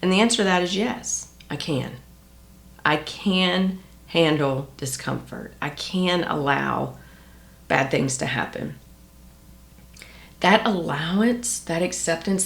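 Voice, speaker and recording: A low-voiced woman talks to her viewers in an earnest, confiding way, her voice rough with gravelly fry. She coaches on manifestation and now and then drops to a soft near-whisper. The sound carries a noticeable room echo. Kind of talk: reflective personal talk to viewers. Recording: echoey room.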